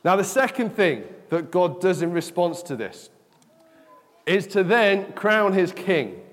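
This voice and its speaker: A man's voice: sits high, big pitch swings, slow pace. A man giving an interactive children's talk in church, chatty and often asking "okay?". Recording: long echo of a large hall.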